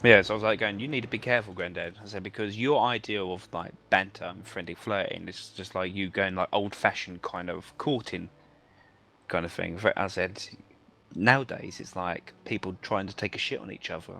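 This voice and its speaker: Low-voiced man rambling a story. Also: fairly even intonation, a little fast, gravelly, bright, forceful tone. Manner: rambling anecdote, many fillers and restarts. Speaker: gamer telling a story. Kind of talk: casual chat over gameplay.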